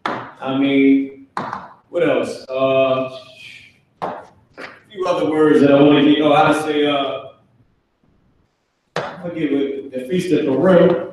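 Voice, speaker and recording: A man teaching a live online language class, talking casually with slang and spelling out words slowly for students. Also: on the high side, steady tone, darkish tone, recorded from a distance, a little hiss or hum. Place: classroom with a board. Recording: echoey room, off-mic.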